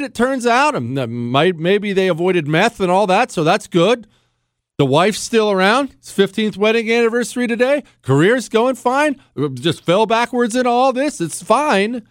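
Indignant man ranting, high and lively. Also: moderate pace, dry recording, studio quality. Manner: indignant, emphatic, rhetorical questions. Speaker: podcast host. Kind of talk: ranting political commentary.

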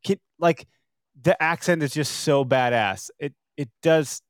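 A man's voice: on the high side, unhurried, no room sound, clean studio sound. A man hosting a podcast, chatting enthusiastically and rambling with restarts. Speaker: podcast host. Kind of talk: casual interview chat.

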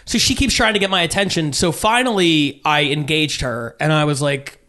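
A man's voice: a little high, moderate pace. A man in his thirties, a stand-up comedian telling a story in casual chat and acting out the voices he quotes. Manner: animated, acts out quotes with swearing.

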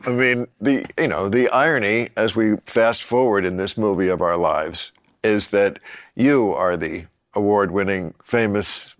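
Host in his 60s, low, lively pitch, deadpan teasing, dry close recording. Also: a little slow, no room sound. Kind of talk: casual chat, wry banter.

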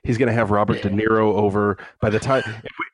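A man's voice: on the low side, level tone, fast, dry recording. A man hosting a sports fan podcast, telling self-mocking stories about how he watches games. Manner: playful, self-mocking storyteller. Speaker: podcast host. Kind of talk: casual sports chat.

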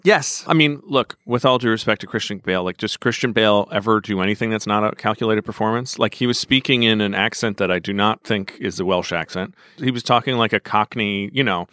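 A man co-hosting a podcast, opinionated and animated in casual chat. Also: on the low side, brisk, few pauses, dry recording, studio quality. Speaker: podcast co-host.

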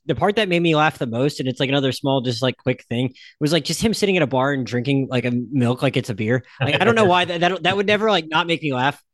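A man hosting a podcast in casual chat, talking quickly with lots of fillers. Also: on the high side, fairly bright tone, no echo. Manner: rapid, chatty, many fillers. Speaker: podcast host.

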